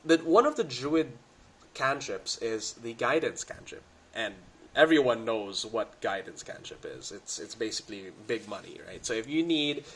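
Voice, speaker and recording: A man whose voice is stuffy and congested from a cold talks through tabletop game rules in a loose, excitable way. He uses plenty of gamer slang. His pitch sits in an ordinary middle range, and the sound comes from a budget home mic. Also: normal speed. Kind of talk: casual rules breakdown. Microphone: budget home recording setup.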